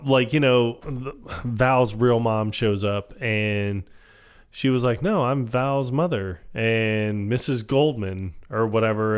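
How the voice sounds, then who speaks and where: A man's voice: mid-range voice, smooth. Man animatedly retelling a film. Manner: animated retelling, acts out film quotes with laughs. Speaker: podcast co-host. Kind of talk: casual chat recapping a film.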